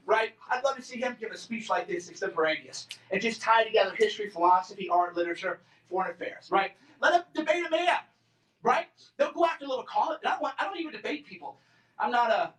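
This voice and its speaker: Fast and animated, his very high, fairly bright voice drives a combative, sarcastic talk to a campus student group. The invited speaker, in his forties, mocks others in put-on voices. The lecture room recording is roomy and distant.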